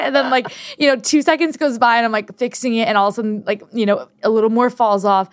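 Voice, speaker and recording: With a slightly high voice and a quick pace, a woman in her twenties co-hosts a casual podcast chat, dramatizing quotes as she tells her stories. No room sound is audible.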